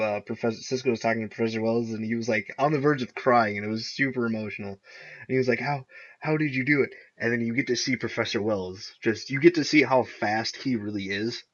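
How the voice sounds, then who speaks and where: A young man co-hosting a podcast in casual chat, excitedly recapping TV episodes and often laughing as he retells scenes. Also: mid-range voice, moderate pace. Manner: excitable, laughs often, acts out characters' lines. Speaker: podcast co-host. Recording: dull lo-fi recording.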